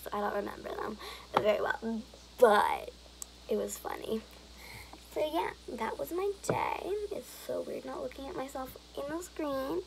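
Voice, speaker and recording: A woman's voice: fairly high pitch, gravelly, poor audio. Giggly rambling young woman. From Alberta, Canada. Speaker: vlogger. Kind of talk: rambling casual vlog chat.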